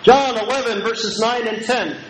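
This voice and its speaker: High-voiced man preaching in an echoey hall. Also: measured pace. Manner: emphatic, repetitive preaching with call-and-response. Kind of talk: Bible lecture sermon. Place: lecture hall. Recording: echoey room with faint noise.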